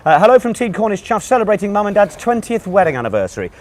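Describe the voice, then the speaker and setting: A man hosting a live online pub quiz, chatting with viewers and reading out their messages while hoarse and still out of breath. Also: sits high, big pitch swings, fast talker, a little mellow. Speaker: quiz host. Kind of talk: live-streamed quiz banter.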